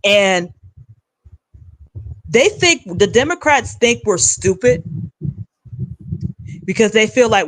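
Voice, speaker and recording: A woman hosting a political commentary livestream. She rants bluntly and with emphasis, at a middle pitch, on a close, dry mic. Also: animated, slow, long pauses, a bit bright, dry recording, poor audio. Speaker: livestream host.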